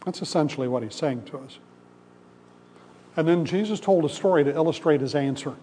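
A man's voice: a little high, fairly quick, warm tone, a little hiss or hum. A male pastor giving a sermon in a conversational storytelling way, acting out the voices in a parable. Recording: long hall reverb.

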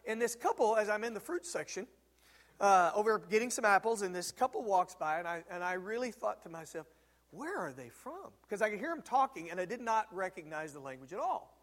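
A male pastor preaching a sermon, telling stories with emphatic swings from loud peaks to quiet, low moments. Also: animated, brisk, big-room sound. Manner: storytelling, emphatic, rises to loud peaks then drops low. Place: church sanctuary.

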